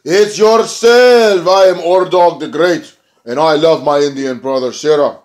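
Guy doing a boastful masked wrestler, high and loud, slow drawn-out proclamation. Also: close to an everyday voice.

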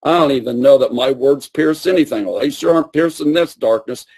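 A man's voice: medium pitch, darkish tone, breathy edge. A man putting on the voice of a despairing, dazed male prophet who mumbles and halts as he pities himself. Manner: mumbling, halting, self-pitying.

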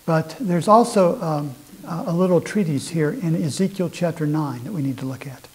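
A man preaching a sermon, his voice a little husky and sitting slightly high for a man. He reads scripture aloud with earnest emphasis and often restarts his phrases as he explains them to his listeners. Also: moderate pace, a little mellow, poor audio. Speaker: pastor.

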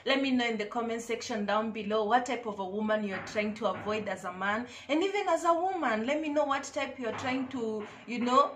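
Chatty woman vlogger, higher voice. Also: expressive, brisk, hardly any pauses, fairly bright tone, a little hiss or hum. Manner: chatty, emphatic, repeats key phrases. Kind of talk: casual advice talk to camera.

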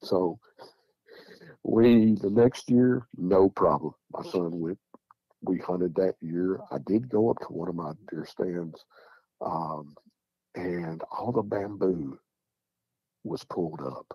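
A man's voice: low-pitched, slow, slightly rough, no echo. A middle-aged man from Tennessee with a Southern accent, casually recounting a story and repeating "I said" and "he said" as he rambles on. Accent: Southern American. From Tennessee, USA. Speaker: guest recounting encounters. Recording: dull, dry lo-fi audio.

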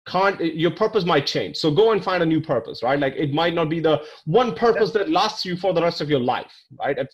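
A man hosting a podcast interview, chatting casually and enthusiastically summing up his guest's points. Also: mid-range voice. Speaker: podcast host.

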